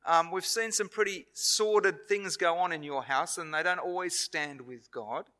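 A man with an Australian accent preaching a sermon in a church, earnest and measured, with pauses and self-corrections. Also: fairly high pitch, bright, forceful tone.

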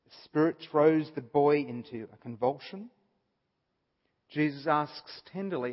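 A man speaking in a slightly raised, breathy voice walks his listeners through a Bible passage. He is earnest and drives points home by restating them. The recording is dull and muffled, and his voice trails off into a long hall reverb. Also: on the high side, unhurried. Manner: earnest, explaining with repeated emphasis. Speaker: Bible teacher. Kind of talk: Bible study talk.

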